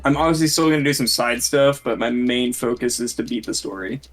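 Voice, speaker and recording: A man's voice: mid-range voice, brisk. A man streaming and chatting casually with friends, rambling and laughing between thoughts. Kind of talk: casual voice-chat banter. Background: game music.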